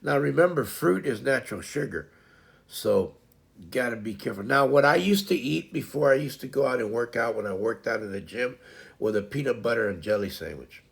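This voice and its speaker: Gravelly man in his fifties rambling. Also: medium pitch, animated, a little fast. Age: 50s. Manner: folksy, meandering, lots of fillers and restarts. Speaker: live stream host. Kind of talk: rambling casual chat.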